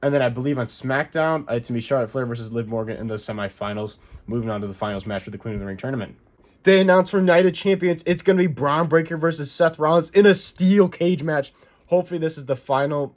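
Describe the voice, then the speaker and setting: A man hosting a casual wrestling recap, rambling through the action and correcting himself as he goes. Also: mid-range voice. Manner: rambling, self-correcting play-by-play. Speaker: wrestling recap channel host.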